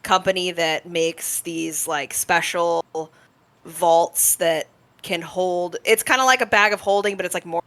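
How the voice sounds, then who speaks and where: A woman player explains her campaign's background in casual, rambling chat, swearing freely as she goes. Her voice is bright and a bit sharp, pitched slightly low, and sounds close and dry. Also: fairly even intonation, measured pace, dry recording.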